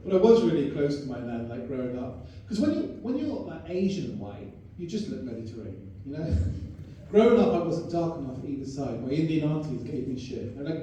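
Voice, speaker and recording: A young man from London with a London accent doing a stand-up set, quick, playful and self-mocking. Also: a little high, big pitch swings, background noise. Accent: London English. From London, England. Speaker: stand-up comedian. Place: live comedy club stage. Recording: echoey room from a distance, crowd ambience.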